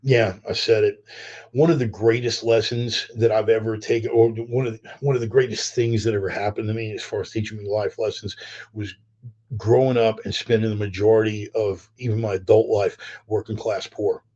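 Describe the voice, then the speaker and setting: Foul-mouthed low-voiced man ranting. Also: normal speed, dull audio. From California. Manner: blunt, heavy swearing, animated asides. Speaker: podcast host. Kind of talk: profane rambling rant.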